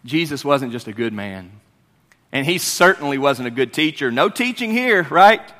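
A man preaching a sermon as pastor, animated and shifting between loud and quiet delivery. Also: mid-range voice, moderate pace. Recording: long hall reverb.

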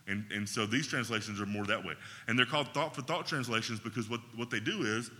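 Bright-voiced man teaching in a hall. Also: mid-range voice, fast talker. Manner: conversational, often checks in with "right?". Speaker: Bible teacher. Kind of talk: classroom teaching talk.

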